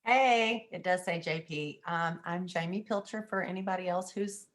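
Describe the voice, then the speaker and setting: A woman's voice: fairly low pitch, normal speed. A woman from Northeast Texas introducing herself on a casual group call, easygoing and chatty. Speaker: panelist.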